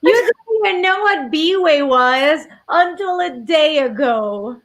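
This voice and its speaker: A woman joins a livestream as a guest and teases the host in playful banter. Her voice sits high, and her pitch moves a lot. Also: expressive, slow pace, fairly bright tone. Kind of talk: casual livestream chat.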